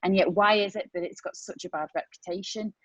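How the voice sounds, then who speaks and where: A woman talking as a medical guest on a podcast, emphatic and animated as she explains. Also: mid-range voice, brisk, slightly rough, dry recording. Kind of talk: casual podcast chat. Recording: dull dry podcast audio.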